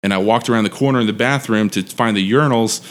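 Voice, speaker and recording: A man's voice: lowish voice, fast. Man, thirties, casual storytelling, rambling, swears a lot. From Texas. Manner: rambling, profane, laughing often. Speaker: podcast guest.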